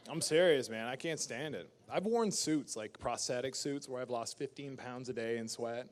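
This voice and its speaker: A man's voice: mid-range voice, moderate pace, few pauses, a little hiss or hum. A man, an actor guest at a fan convention panel, answering questions in a casual, emphatic way with laughs. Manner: emphatic, animated ranting with laughs.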